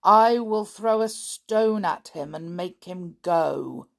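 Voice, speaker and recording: A woman voicing an expressionless deaf manservant who speaks in a flat, slow way in a storybook. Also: fairly low pitch, gravelly. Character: expressionless deaf man servant.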